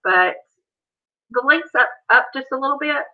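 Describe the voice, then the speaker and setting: This livestream host's voice sits high and sounds animated, moving at a normal pace. Talking in a Southern accent, she chats loosely and calls out to viewers by name, though the stream audio is dull and lo-fi.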